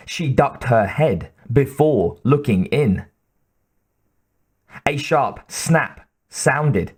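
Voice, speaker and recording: A man reading an audiobook in a measured, even narration. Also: medium pitch.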